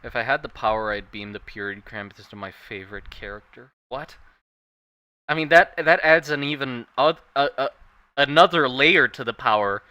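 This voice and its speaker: A man streaming casually while drawing, rambling and animated, swearing freely. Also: mid-range voice, normal speed, dry recording, muffled recording. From Thailand.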